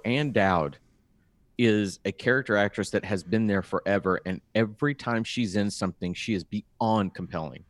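A man's voice: on the low side, dry recording. A man co-hosting an awards-prediction chat, talking eagerly and often repeating words as he starts a thought. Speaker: podcast co-host. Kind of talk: casual chat.

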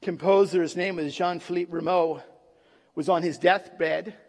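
A man preaching a sermon in a church, dramatic, pausing for effect and acting out the quotes he gives. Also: sits high, fairly even intonation, a little mellow. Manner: dramatic, with pauses and acted quotes. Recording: long reverb of a large hall.

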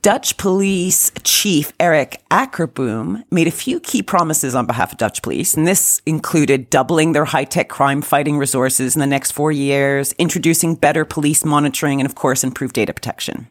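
A woman's voice: sits low, moderate pace, few pauses. A woman co-hosting a casual chat, who explains things step by step and laughs often. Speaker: podcast co-host.

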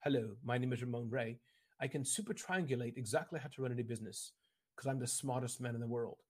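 A man's voice: mid-range voice, fast, breathy edge, pitched below the performer's own voice, lightly acted. A man voicing a pompous, hyper-strategic British man who calls himself the smartest in the world, in a put-on British accent with stiff, self-satisfied boasting. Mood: smug.

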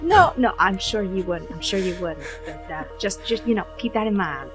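A woman at a tabletop game with a mid-range voice, speaking cautiously and haltingly as she questions a character. Soft music sits behind her. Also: mid-range voice, animated, low-quality recording. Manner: hesitant, cautious, with filler restarts. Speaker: player. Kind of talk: tabletop role-play.

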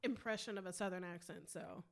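A woman's voice: fairly low pitch, fairly even intonation, a little fast, vocal fry. A woman co-hosting a casual comedy chat, bantering playfully and amused at herself. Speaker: podcast co-host.

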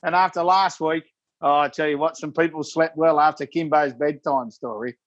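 Lively man co-hosting a podcast. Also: on the high side, moderate pace, highs cut off. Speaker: podcast co-host. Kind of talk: casual chat.

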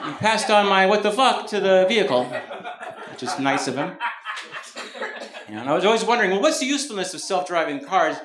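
A man's voice: high-pitched, expressive, fairly quick, fairly bright tone. A man from California doing a rambling, self-mocking stand-up set on a club stage before a live audience. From Mountain View, California. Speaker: stand-up comedian. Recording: roomy live club recording, background noise.

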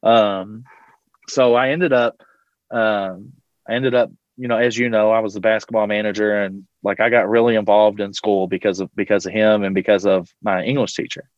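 A man's voice: lowish voice, flat delivery, normal speed, no echo, dull audio. A man from Louisville, a teacher and coach, telling a story as a podcast guest in a rambling way, with lots of fillers and casual swearing. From Louisville, Kentucky.

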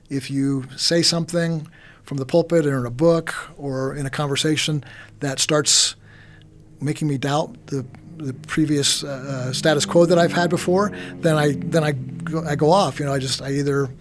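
A man's voice: on the high side, steady tone, brisk. Rambling man talking faith. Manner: rambling, repeats words, frequent fillers. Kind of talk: casual conversation about faith.

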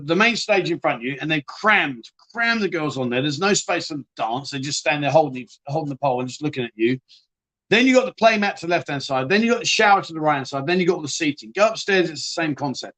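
A man's voice: a little high, a bit bright. A man hosting a live chat show, rambling and joking as he reads out viewer comments and calls people mate.

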